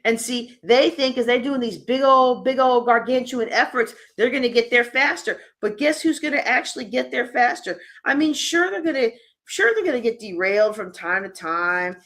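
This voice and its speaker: A woman presenting a live conference workshop, talking in a lively, conversational way straight to her audience. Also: a little high, normal speed, few pauses.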